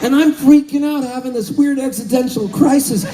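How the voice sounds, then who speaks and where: High mellow-voiced guy in his 50s, telling stories between songs on stage, laughing, faint music behind. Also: normal speed, poor audio. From Southern California. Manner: animated, laughing, calling out to the crowd. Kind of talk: onstage storytelling between songs. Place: live concert stage.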